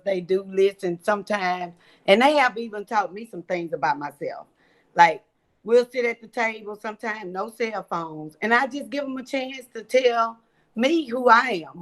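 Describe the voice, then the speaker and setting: Woman, mother on church panel, warm, affirming. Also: mid-range voice. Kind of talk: heartfelt church panel talk.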